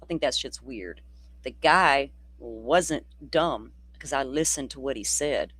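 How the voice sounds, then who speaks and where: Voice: mid-range voice, slow, a bit bright, breathy edge. Blunt, profane true crime host. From Florida, near the Alabama state line. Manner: chatty, loose, rambling. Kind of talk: casual livestream commentary.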